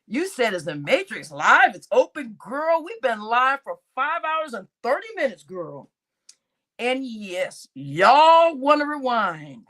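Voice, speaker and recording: A woman hosting a casual livestream, chatting with her audience, laughing often and swearing as she reads comments. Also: on the high side. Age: adult, grown-up. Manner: animated, laughing, swearing, addresses chat as y'all. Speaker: livestream host.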